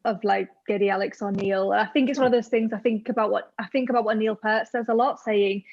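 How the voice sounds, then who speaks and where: A woman's voice: medium pitch, fairly even intonation, fast talker, muffled recording, a little hiss or hum. A young woman from England, a podcast guest telling fan stories in casual chat with enthusiasm. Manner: enthusiastic storytelling.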